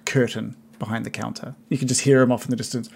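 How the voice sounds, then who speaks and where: A man narrating a tabletop game as game master, pausing often with ums as he describes the scene. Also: medium pitch, little pitch movement, creaky, darkish tone, a little hiss or hum. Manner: halting, many ums, unhurried description.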